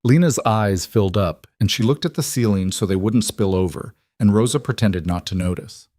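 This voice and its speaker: A man narrating a scripted story in a measured, even way. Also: lowish voice, no room sound, clean studio sound.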